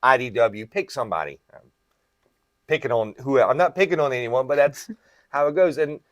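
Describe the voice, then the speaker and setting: A man's voice: medium pitch, normal speed, no echo, studio quality. Talkative male comic shop host. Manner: explains at length, often checks in with "right?". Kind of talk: casual podcast chat.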